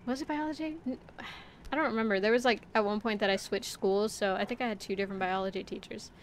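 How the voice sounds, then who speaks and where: A woman's voice: mid-range voice, fairly even intonation, fast, slight background noise. A young woman streaming a climbing game, chatting casually and rambling to her viewers, swearing when she gets frustrated. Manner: talks to chat while playing. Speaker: VTuber streamer. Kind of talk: casual gameplay livestream chat.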